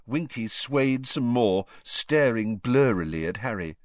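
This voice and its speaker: A man reading a novel aloud as an audiobook, very expressive and acting out every character. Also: medium pitch, unhurried, hardly any pauses, no room sound, clean studio sound. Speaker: audiobook reader. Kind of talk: scripted audiobook narration.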